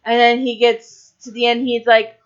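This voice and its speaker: A woman's voice: a little high, level tone, moderate pace. A woman co-hosting a podcast, casually narrating plot points with frequent ums. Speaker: podcast co-host. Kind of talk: casual chat. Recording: dull lo-fi recording.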